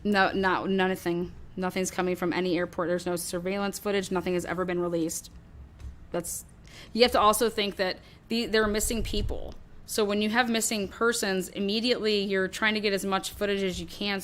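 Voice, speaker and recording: A woman's voice: mid-range voice, fairly bright tone. Swearing, rambling woman true crime host. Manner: rambling, swearing, acts out others' voices. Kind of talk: casual theorizing talk.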